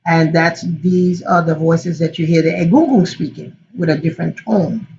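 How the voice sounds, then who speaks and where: Animated woman teaching through a story. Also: lowish voice, normal speed, gravelly. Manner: animated, acts out the quotes. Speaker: spiritual teacher and godmother. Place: Florida. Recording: dull lo-fi call audio.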